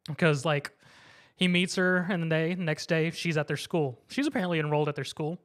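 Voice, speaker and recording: A man recapping an anime episode in casual chat, lively and quick to laugh, acting out the characters' lines. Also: fairly high pitch. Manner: animated retelling, acts out characters' lines, laughs often. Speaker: podcast co-host.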